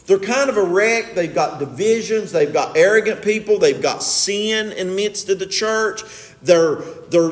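A man preaching a sermon as pastor, lively and emphatic, often asking his congregation questions. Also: a little high, reverberant.

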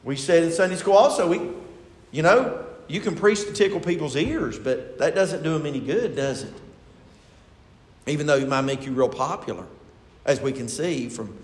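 A man's voice: sits high, sharp tone. Man, pastor, sermon, rhetorical questions, echoey church hall. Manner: preaching with rising emphasis and rhetorical questions to the congregation. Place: church sanctuary.

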